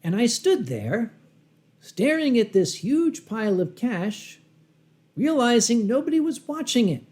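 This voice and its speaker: This storyteller's voice is very high-pitched, a little mellow, and very animated as he tells a humorous story live at a convention. He plays it dry and wry with dramatic pauses, performs his own rehearsed lines, and keeps clearing his throat.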